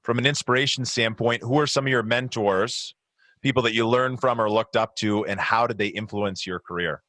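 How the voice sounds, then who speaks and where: A man's voice: medium pitch, fairly even intonation, normal speed, bright, forceful tone, no room sound. A man hosting a podcast interview, asking questions in an eager, encouraging way. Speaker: podcast host.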